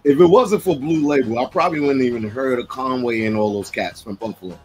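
A man from Long Island, co-hosting a loose banter show, loud and quick to laugh. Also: faint music behind. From Long Island, New York. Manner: loud, laughing, shouts high-pitched impressions. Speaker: podcast co-host.

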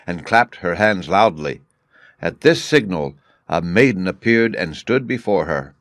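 A man narrating a story for English learners in a clear, measured way. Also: deep voice, lively intonation, fairly bright tone, dry recording, clean studio sound.

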